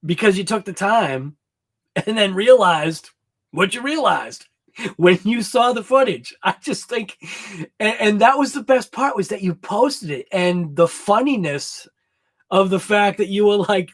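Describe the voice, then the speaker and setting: A man hosting a live hobby show, chatting casually with viewers in a rambling, excited way and laughing often. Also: high voice, unhurried. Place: home garage workshop.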